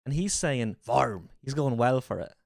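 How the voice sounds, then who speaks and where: A man's voice: medium pitch, animated, normal speed, a little mellow, no echo, clean studio sound. A man streaming a reaction to a video, riffing with incredulous, swearing commentary.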